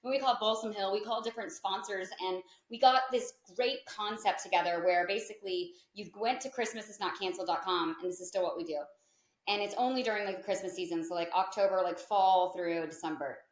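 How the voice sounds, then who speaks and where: Chatty woman guest on a podcast, thirties, says like a lot, mid pitch, kinda roomy echo. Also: a little fast. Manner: chatty, peppered with "like" and lively quoted asides. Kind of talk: casual storytelling in an interview. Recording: echoey room.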